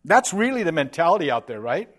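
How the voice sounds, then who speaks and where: Casual, animated male preacher. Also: on the high side. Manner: casual and animated, slangy asides like "dude"; voices imagined speakers in quick asides. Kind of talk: sermon.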